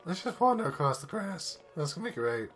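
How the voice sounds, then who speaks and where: A man's voice: on the high side, very animated, a little fast, a bit bright. Guy muttering through a let's play, giggly and fed up, faint game music under. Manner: giggly, exasperated muttering, reads game text aloud. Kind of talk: casual gameplay commentary.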